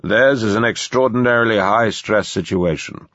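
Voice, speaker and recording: A man's voice: fairly low pitch, a bit bright, dry recording, lo-fi sound, pitched above the performer's own voice, natural voice. Man playing a clinical security chief. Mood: measured. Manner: measured and formal.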